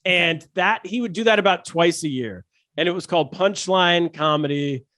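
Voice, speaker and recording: A man, a stand-up comedian, telling animated, jokey stories as a podcast guest, with many restarts. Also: high voice, moderate pace, no room sound, studio quality. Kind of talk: casual podcast storytelling.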